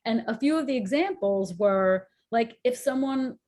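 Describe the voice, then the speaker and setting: A woman co-host in casual chat, animated and acting out examples in different tones. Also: fairly high pitch, a little slow. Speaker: co-host, children's show songwriter.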